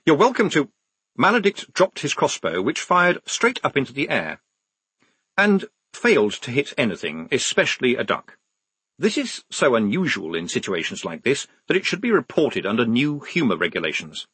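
A man's voice: mid-range voice, wildly swooping pitch, normal speed, bright, forceful tone, slightly rough, no echo. A man reading a comic novel aloud with dry, wry delivery on a close studio mic. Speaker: narrator. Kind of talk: audiobook narration.

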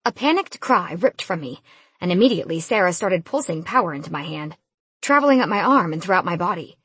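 Expressive woman narrator for a first-person fantasy audiobook, husky tone, animated pitch. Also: brisk, dry recording. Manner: expressive, lively storytelling.

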